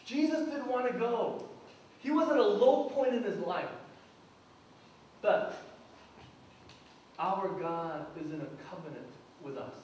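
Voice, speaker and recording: A high-voiced man preaches an earnest sermon as pastor, acting out prayers and quotes along the way. His voice carries from a distance in a very echoey church hall, with a faint hum of room ambience underneath. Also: slow pace, pauses often, a little mellow. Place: church sanctuary.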